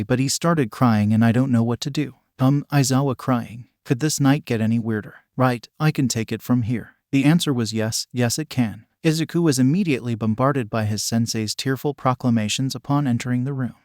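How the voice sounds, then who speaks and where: A man narrating a fan fiction story, reading every character's lines in a steady, even voice. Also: medium pitch, no echo, clean studio sound. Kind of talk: scripted narration.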